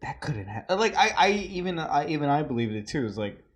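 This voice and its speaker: A man's voice: on the high side, sing-song, a little fast. A man co-hosting a casual podcast, rambling, swearing and full of fillers. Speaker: podcast co-host.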